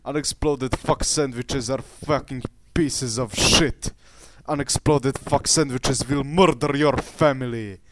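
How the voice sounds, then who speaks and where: A man voicing a crude ranter with a put-on Russian accent and deliberately broken English. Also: medium pitch, steady tone, noisy background, natural voice. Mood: ranting.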